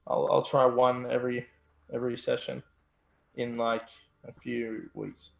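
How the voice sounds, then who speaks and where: A man's voice: medium pitch, flat delivery, measured pace, creaky. Easygoing man with a roomy echo. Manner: easygoing and self-deprecating. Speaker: player. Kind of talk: casual chat in a tabletop game. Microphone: online call.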